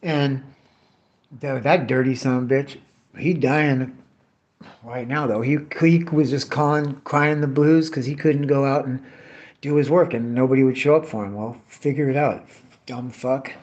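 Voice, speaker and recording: The recording is muffled, and the man's medium-pitched voice has a darkish tone, fairly even intonation, and moderate pace. This middle-aged tree care worker cuts bottles on his vlog while casually ranting, with plenty of swearing, about old bosses and work crews.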